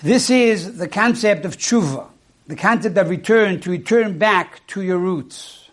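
A man giving a sermon as a rabbi, teaching in a measured way and posing rhetorical questions to his listeners. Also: high-pitched.

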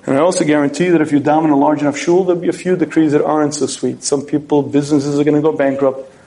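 A man speaking as a rabbi, giving a recorded Torah lecture, clearing his throat often and telling stories. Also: on the high side, a little mellow, low-quality recording. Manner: frequent throat clearing, storytelling with acted quotes.

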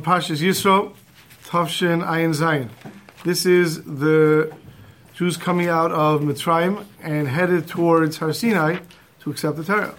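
High-voiced man teaching a Torah class. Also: fairly bright tone. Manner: mixes Hebrew and Yiddish terms into English, acts out quotes.

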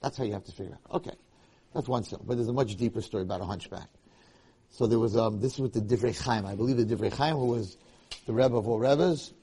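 A man giving a Torah lecture, telling a story in an animated way that restarts and repeats phrases often. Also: medium pitch, fast, breathy edge.

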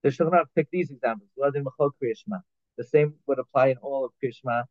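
Man as a Torah teacher, middle pitch, phone-like sound, dry. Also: quick pace, dry recording. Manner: reads Hebrew phrases then explains them in English, with restarts and fillers. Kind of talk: halacha class, translating Hebrew text line by line. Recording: tinny phone-like line, dry.

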